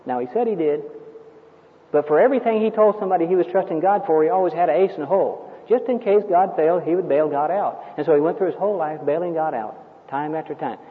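A man with a high voice preaches emphatically, telling stories and firing rhetorical questions at his listeners. The recording is thin and phone-like, and a long hall reverb hangs behind his words. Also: fast. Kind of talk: sermon.

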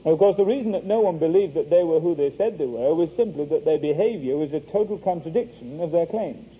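A man's voice: on the high side, animated, fast, husky. A man preaching a sermon, earnest and wry, telling an anecdote to make his point. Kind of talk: sermon with storytelling. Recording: tinny phone-like radio broadcast.

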